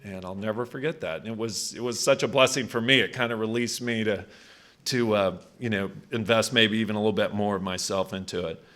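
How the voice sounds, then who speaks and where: A man in his sixties speaks briskly in a fairly low, fairly bright voice as he accepts a hall of fame induction in a country club event room. He talks conversationally, restarting often as he shares personal anecdotes.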